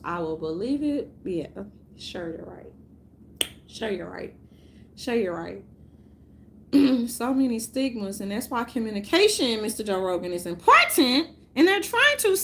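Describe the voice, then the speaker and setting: A woman's voice: a little high, a little hiss or hum. A woman ranting casually to her viewers, rambling and profane, often breaking into laughter. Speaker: vlogger.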